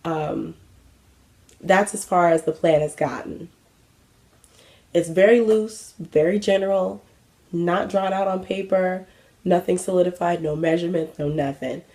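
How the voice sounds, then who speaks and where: A woman's voice: on the low side, fairly even intonation, a little slow, pauses often, dark tone. A young adult woman hosting a craft vlog, chatting casually with many fillers and self-mocking asides. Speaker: craft vlogger. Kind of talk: casual chat.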